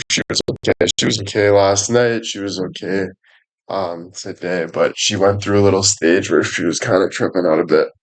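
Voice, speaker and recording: A man talking loosely on a stream, his voice sitting a little low. He rambles, swears freely and leans on fillers between his thoughts. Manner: rambling, profane, with lots of filler words. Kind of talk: casual chat.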